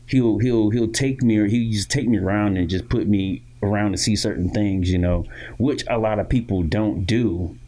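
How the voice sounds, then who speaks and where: Deep-voiced man telling stories casually. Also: moderate pace. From Florida. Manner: animated, loud impressions of others in quoted lines. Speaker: podcast co-host. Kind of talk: casual storytelling chat.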